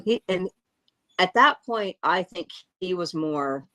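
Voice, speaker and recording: Shaken woman with a lower voice. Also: animated, bright, forceful tone, no room sound. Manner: halting, breaks off and apologizes, restarts; angry and frustrated. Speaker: eyewitness. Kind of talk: emotional first-hand account.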